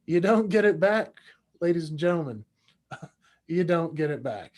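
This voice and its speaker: A podcast guest in his forties, a man with a high voice. He tells a personal story with energy and acts out the people in it. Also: animated, normal speed, a little mellow.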